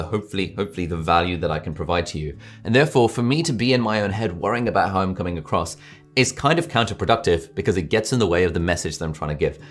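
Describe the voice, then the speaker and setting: A young man talks fast and breezily to camera, in a fairly low voice. His delivery is chatty and informal, with self-aware asides. Soft music plays faintly behind him. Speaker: YouTube host giving speaking tips. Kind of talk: casual talk to camera.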